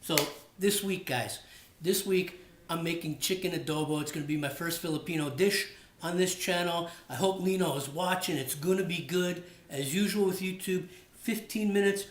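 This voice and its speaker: A man's voice: fairly high pitch, moderate pace. A man hosting his own cooking channel, chatty and friendly, talking while he cooks in a home kitchen. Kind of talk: casual cooking vlog. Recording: echoey room.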